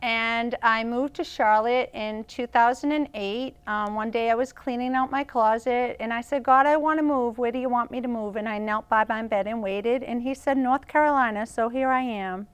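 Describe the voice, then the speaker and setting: A woman's voice: a little high, normal speed, hardly any pauses, clear, resonant tone. A woman with a Boston accent, a guest on a talk show, telling her story earnestly and emphatically. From Boston, Massachusetts. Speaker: guest, evangelist. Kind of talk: casual interview chat.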